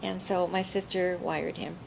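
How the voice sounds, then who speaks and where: Older woman, low and gravelly, chatty oral history storyteller who laughs easily. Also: flat delivery, moderate pace, background noise. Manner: chatty, often laughing while recalling. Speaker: interviewee.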